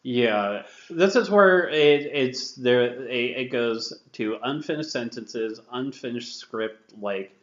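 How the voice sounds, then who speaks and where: A man's voice: mid-range voice, animated, slow, few pauses. A man co-hosting a podcast, mocking a movie in a casual chat with frequent restarts. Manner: laughing, mocking, lots of restarts. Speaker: podcast co-host. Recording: echoey, dull lo-fi room sound.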